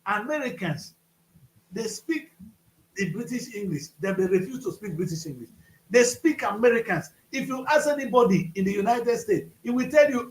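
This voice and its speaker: Emphatic Nigerian man, high voice. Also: expressive, a little fast, roomy sound, rough recording. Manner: emphatic, rising to outbursts. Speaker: co-host. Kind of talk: casual panel chat.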